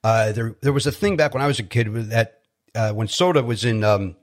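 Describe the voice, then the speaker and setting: A man from Chicago, a guest comedian, telling stories in casual chat, animated and self-deprecating with many restarts. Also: medium pitch, fairly quick. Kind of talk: casual storytelling.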